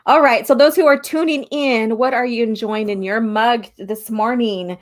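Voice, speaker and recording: A woman hosting a relaxed live-stream chat, talking casually, laughing often and reading out viewer comments. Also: fairly high pitch, moderate pace. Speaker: host.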